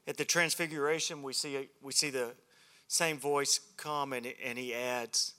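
A man's voice: medium pitch, steady tone, measured pace, pushed and bright. A man preaching a humorous sermon at a men's ministry, a self-deprecating and joking storyteller.

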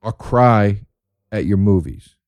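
A man's voice: on the low side, slow pace, a little mellow, no room sound. A man telling rambling, profane stories in a casual monologue, easily worked up about the things he loves.

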